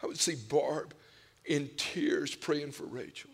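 A man preaching a sermon, telling personal stories with emotional swings from hushed whispers to loud cries. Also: a little high, slow, creaky, slightly rough. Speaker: pastor. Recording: long hall reverb.

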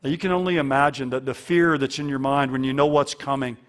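A man's voice: medium pitch, fairly even intonation, quick pace, fairly bright tone. A man preaching a sermon as a pastor, earnest and fond of repeating key lines for emphasis.

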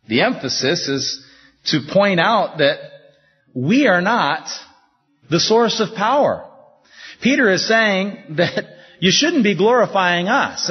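A husky man preaching a sermon, building emphasis through rhetorical questions. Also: on the high side. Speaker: pastor. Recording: dull echoey hall recording.

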